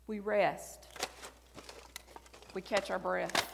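A woman's voice: mid-range voice, flat delivery, takes it slowly, creaky, long pauses. A woman in her forties with a Southern US accent, giving a sermon that builds to emphatic, rising exhortation. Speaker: speaker. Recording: long hall reverb.

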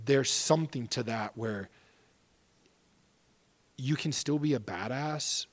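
A man's voice: medium pitch, slow. A man in his thirties telling stories as a podcast guest, earnest and openly emotional, swearing casually. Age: 30s. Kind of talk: casual storytelling interview.

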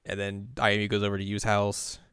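A young man co-hosting a casual chat, retelling scenes with lively put-on character lines. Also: on the low side, a little fast, smooth, dry recording, clean studio sound. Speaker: podcast co-host recapping an anime.

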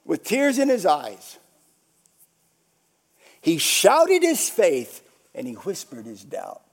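A male pastor preaching a sermon, repeating phrases for emphasis and swinging between shouts and hushed whispers. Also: sits high, wildly swooping pitch, takes it slowly.

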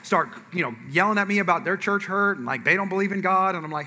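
A man's voice: high-pitched, brisk, long reverb tail. A man preaching as a pastor, telling a humorous personal story to his congregation, acting out what people said and asking the audience questions. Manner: animated storyteller, acts out quotes, asks audience.

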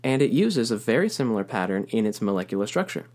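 A man's voice: on the low side, very animated, quick pace, heavy background noise. A man teaching a recorded music lesson, explaining rhythm patiently and counting beats aloud.

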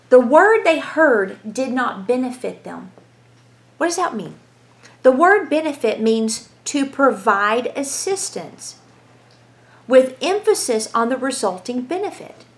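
High-voiced woman teaching the Bible. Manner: animated, storytelling, asks rhetorical questions.

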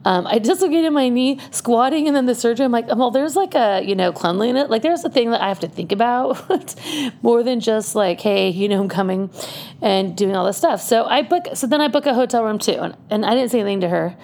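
A woman's voice: a little high, expressive, a little fast, a little mellow. A woman telling a personal story in casual chat, chatty and laughing often as she goes.

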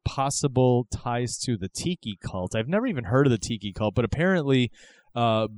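A man's voice: mid-range voice, expressive, moderate pace, darkish tone, no room sound. A man hosting a casual podcast, rambling and speculative, often asking if you follow him. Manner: rambling, speculative, keeps asking "you know what I mean". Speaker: podcast host. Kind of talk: casual chat.

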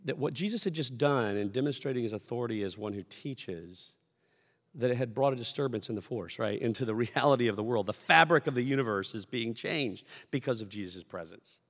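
A man preaching a sermon to his congregation, conversational and animated, acting out shouted lines as he tells stories. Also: medium pitch, a little fast. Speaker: pastor. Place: church sanctuary. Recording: long hall reverb.

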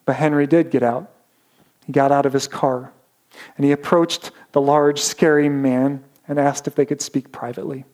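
Brief: male pastor, fairly high voice, dramatic story-driven sermon with slowed emphasis. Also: a little mellow.

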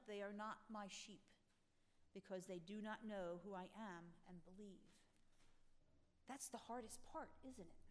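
A woman pastor preaching a sermon with earnest delivery that rises and falls. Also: fairly high pitch. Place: church sanctuary. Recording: long reverb of a church hall.

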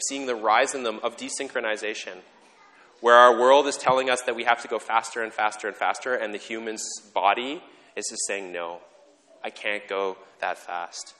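A man's voice: medium pitch, pushed and bright. A man giving a conversational sermon as pastor, earnest and reflective, explaining ideas step by step. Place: church sanctuary. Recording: long reverb of a church hall.

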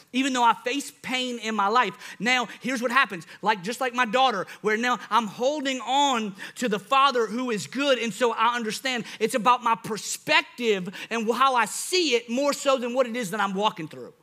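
Bright, high-voiced young preacher man. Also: normal speed, few pauses. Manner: animated storytelling with big vocal swings. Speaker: pastor. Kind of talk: sermon.

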